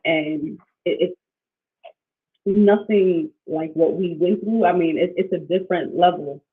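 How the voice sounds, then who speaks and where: A woman hosting a casual livestream as a coach, talking in a rambling, animated way with many restarts and fillers, reading out viewer comments. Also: on the low side, a little slow. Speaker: financial wellness coach, livestream host. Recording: tinny phone-like sound.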